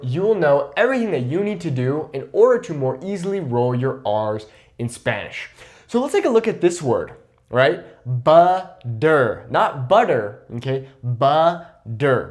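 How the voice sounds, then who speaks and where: A young man teaching Spanish pronunciation in an online lesson, encouraging and patient, checking in with "okay?" after each point and modelling words slowly. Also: a little high.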